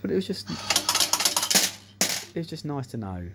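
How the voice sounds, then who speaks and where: A man telling sweary, animated anecdotes while playing a slot machine, acting out what people said. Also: a little high, slow pace, very noisy. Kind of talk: casual storytelling over gameplay. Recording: music playing behind the voice.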